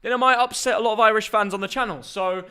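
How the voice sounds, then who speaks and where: A young English man, chatty and excitable, hosting a live football reaction stream and bantering with viewers at home. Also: sits high, fast, smooth. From England.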